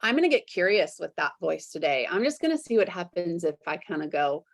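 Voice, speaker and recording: A woman hosting a podcast, reflective and candid, who acts out her inner voices with sudden high jumps. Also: sing-song, brisk. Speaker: podcast host. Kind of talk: conversational interview.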